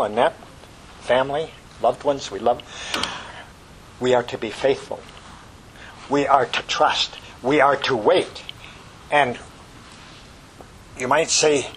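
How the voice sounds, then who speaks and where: A man's voice: mid-range voice, a bit bright, slight background noise, poor audio. A man preaching an earnest, fervent sermon that ends in prayer.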